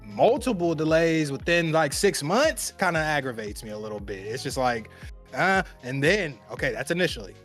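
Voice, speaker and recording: A man's voice: fairly high pitch, animated, normal speed, fairly bright tone, soft background music. Rambling man co-hosting a gaming podcast. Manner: rambling, emphatic, repeats phrases for effect. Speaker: podcast co-host. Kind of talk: casual gaming podcast chat.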